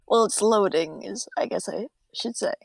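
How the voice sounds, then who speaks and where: A woman's voice: mid-range voice, normal speed, creaky, breathy edge, dry recording, low-quality recording. A woman playing a tabletop game, chatting casually in a playful way. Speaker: player.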